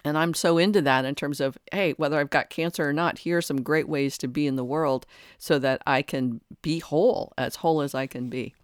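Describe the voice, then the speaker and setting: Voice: mid-range voice, fairly quick, smooth, dry recording. Earnest reflective podcast host, dry sound. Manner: earnest, searching, many restarts. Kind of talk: reflective spiritual monologue.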